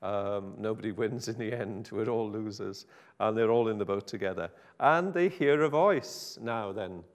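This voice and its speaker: A man's voice: fairly low pitch, moderate pace. A man preaching an informal sermon in a chatty, wry, self-interrupting way. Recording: hall reverb.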